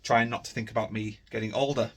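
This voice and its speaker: Gravelly-voiced tired guy vlogging. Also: on the low side, fairly even intonation, fast talker. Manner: rambling, easygoing, many fillers. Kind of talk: casual vlog chat to camera.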